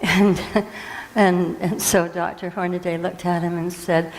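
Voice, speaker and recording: A woman preaches to her congregation, her voice sitting on the lower side. She retells a story with earnest energy and often restarts her sentences. Her words ring out with a long reverb through the church space. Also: steady tone, normal speed, darkish tone. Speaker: minister. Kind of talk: sermon storytelling. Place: church sanctuary.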